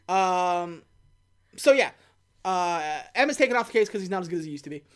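A woman's voice: on the low side, lively intonation, brisk. Woman recapping a movie, casual. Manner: retells scenes by acting out characters' lines, swears casually. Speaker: podcast co-host recapping a film.

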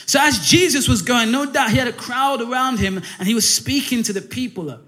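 High-voiced man preaching a lively sermon. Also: fairly quick. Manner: animated preaching with many fillers and "listen".

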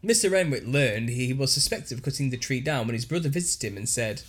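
A man's voice: medium pitch, lively intonation, brisk, background noise. A man co-hosting a podcast, reading news articles aloud with frequent laughter and put-on voices for quotes. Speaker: podcast co-host.

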